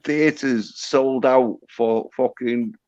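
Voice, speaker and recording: Slow-talking English man, rambling and profane. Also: medium pitch, fairly even intonation, a little mellow, muffled recording. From England. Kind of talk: casual live-stream chat.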